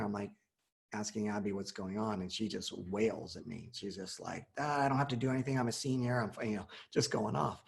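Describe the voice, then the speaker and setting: A man's voice: fairly low pitch, vocal fry. A man in his forties telling a personal story in casual conversation, acting out the quoted dialogue.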